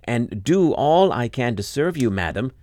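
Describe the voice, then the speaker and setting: A man's voice: medium pitch, very animated, measured pace, dark tone, voice pushed up. A man voicing a polite, eager young boy who nervously begs to be hidden, in a storybook reading. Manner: polite, pleading.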